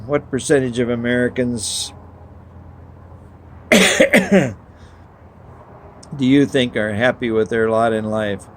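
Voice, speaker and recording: A man reading a story aloud and then preaching a sermon, measured, asking the listeners questions. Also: mid-range voice, slight background noise, low-quality recording.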